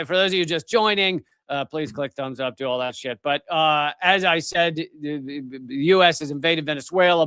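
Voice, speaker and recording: A man's voice: fairly high pitch, pushed and bright, smooth, no echo. A middle-aged man hosting a live political commentary show, ranting angrily with profanity and frequent restarts. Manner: angry, profane, emphatic with many restarts.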